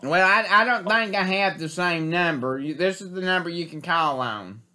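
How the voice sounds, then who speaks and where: A man's voice: high-pitched, normal speed, sharp tone. A man taking a prank phone call, talking casually and stalling with hesitant fillers. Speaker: prank caller.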